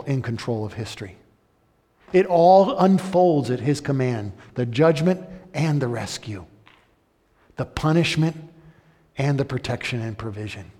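A male pastor preaching a sermon. He builds to emphatic peaks and then drops low and slow. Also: darkish tone. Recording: long hall reverb.

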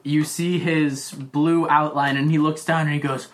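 A woman running a tabletop game as game master, narrating slowly with drawn-out dramatic pauses. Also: sits low, little pitch movement.

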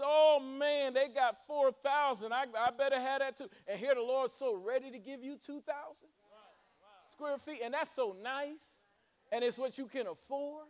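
Male pastor, very high voice, fervent sermon with joking asides. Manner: preaching with rising fervor and humorous asides.

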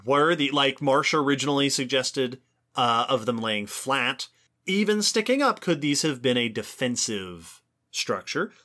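Man, podcast co-host, bright voice, enthusiastic explainer. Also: mid-range voice, lively intonation, unhurried. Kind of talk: educational casual chat.

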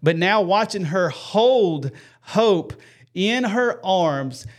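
A man's voice: high-pitched, expressive, extremely slow. A man hosting a Christian live show with his wife, talking earnestly and greeting viewers by name. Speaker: host of a Christian web show. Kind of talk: casual faith talk and viewer shout-outs.

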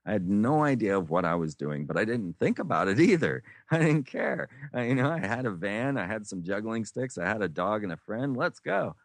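Low-voiced man telling rambling stories. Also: very animated, moderate pace, few pauses, no echo. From United States. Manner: meandering, many restarts and fillers, acts out quoted voices. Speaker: interview guest. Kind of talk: rambling storytelling.

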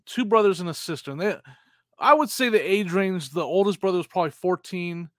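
A middle-aged man co-hosting a podcast, telling rambling anecdotes with quick laughs and acting out the voices of people in his stories. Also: high voice, no room sound, studio quality. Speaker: podcast co-host. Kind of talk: casual chat, storytelling.

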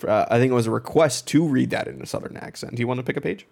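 A man's voice: medium pitch, very fast, creaky, darkish tone. A man co-hosting a comic book podcast, talking animatedly with stumbling restarts and laughing often. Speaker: podcast co-host. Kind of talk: casual comic book chat.

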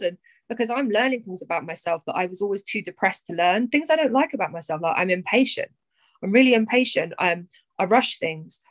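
A young woman, a poet talking candidly as a podcast guest, animated, swearing freely and often pausing on fillers. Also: medium pitch, dry recording, poor audio. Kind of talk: candid conversational chat.

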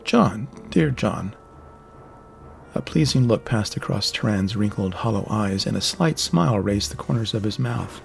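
Male fantasy-audiobook narrator, gravelly, mid-range pitch, measured delivery.

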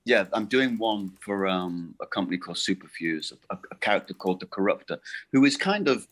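A middle-aged man with a deep, low voice, chatting as a voice actor guest in a rambling, halting way. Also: expressive, fairly bright tone. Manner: rambling, halting and self-correcting. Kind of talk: casual interview chat.

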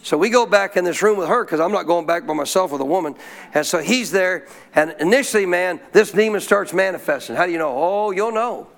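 High gravelly folksy preacher man. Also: brisk. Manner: folksy, animated, clears throat often. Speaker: pastor. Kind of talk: storytelling sermon.

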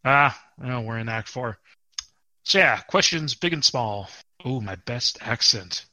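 A man with a bright, forward voice hosts a podcast and chats casually. He is quick to poke fun at himself, and his close mic gives a dry sound with no room echo. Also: medium pitch, lively intonation. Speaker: podcast host.

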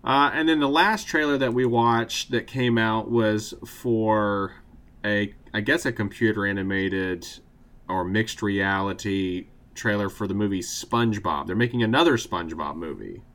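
A man co-hosts a casual chat. His voice sits a little low, and he talks in a relaxed, unhurried way with drawling asides. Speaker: podcast co-host.

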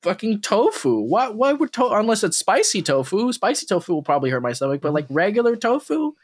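Brief: young male podcast co-host, lively swings in pitch, swears, acts out dialogue in silly voices. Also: brisk. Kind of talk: casual chat.

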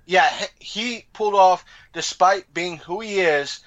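A man co-hosting a podcast in casual chat, animated and often acting out quoted lines. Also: high voice, a little slow, highs cut off. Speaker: podcast co-host.

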